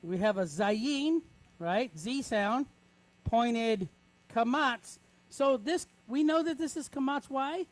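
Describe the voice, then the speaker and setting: A man leads a classroom reading lesson at an unhurried pace. He sounds words out syllable by syllable. He checks in with his students again and again as he goes. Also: very high voice, lively intonation. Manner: patient, checks in with frequent "right?"; spells out sounds slowly, syllable by syllable. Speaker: teacher.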